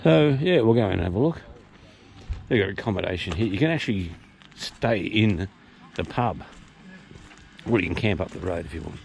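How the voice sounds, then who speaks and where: Rambling gravelly Australian man. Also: low-pitched, expressive, normal speed, long pauses, darkish tone, slight background noise. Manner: chatty, rambling, casual swearing. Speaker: vlog host touring pubs. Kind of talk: casual walk-and-talk vlog. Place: outdoors and inside a country pub.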